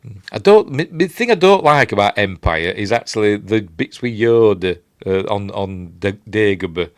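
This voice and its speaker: Late at night at home, an older Yorkshireman hosts a casual live stream, rambling and making fun of himself as he reads viewer comments. His voice is lowish with lively intonation at a normal speed, and the tone is clean. The recording is dry and studio quality.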